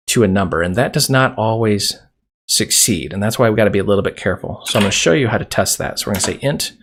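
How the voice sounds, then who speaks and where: A man's voice: fairly low pitch, a little hiss or hum. A man teaching a coding tutorial over a screen recording, talking casually and joking while he types. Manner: casual, chatty, jokes while typing code. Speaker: programming instructor.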